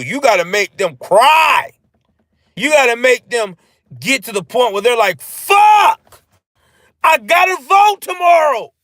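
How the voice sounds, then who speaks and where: A man hosting a live stream, giving ranting political commentary in a profane, animated way and answering his chat. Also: sits high, dry recording.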